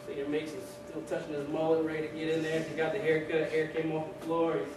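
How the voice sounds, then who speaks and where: A man giving a humorous storytelling speech at a ceremony, animated and often repeating words. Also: fairly high pitch, a little fast, few pauses, crowd noise. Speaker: ceremony speaker. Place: ceremony hall. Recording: echoey hall, distant mic, background noise.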